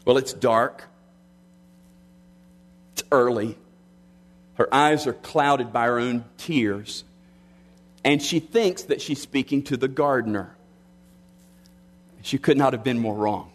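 Earnest middle-aged male preacher. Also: medium pitch. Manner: earnest, slows for emphasis, drops quiet on key lines. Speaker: pastor. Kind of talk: sermon.

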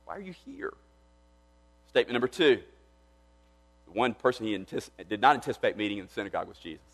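A man's voice: lowish voice, very fast. A man preaching a sermon as pastor, earnest and emphatic, often restarting his phrases as he builds to a point. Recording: long hall reverb.

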